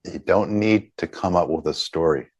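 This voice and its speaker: A man leading a group healing session over a video call, talking gently and haltingly with many pauses. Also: deep voice, husky, no room sound, muffled recording.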